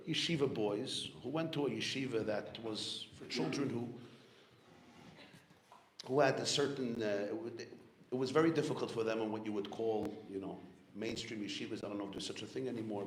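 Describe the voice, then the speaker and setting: Earnest rabbi telling a story in an echoey hall. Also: male voice, fairly low pitch. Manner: earnest, reflective storytelling with soft spoken asides. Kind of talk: storytelling sermon at a farbrengen. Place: community hall gathering. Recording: echoey room, faint background noise.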